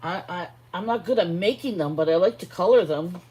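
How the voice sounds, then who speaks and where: A woman hosting a live art stream, chatting casually, greeting viewers by name and pausing to yawn and correct herself. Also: on the low side, warm tone, husky. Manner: frequent yawns and self-corrections. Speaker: art channel host.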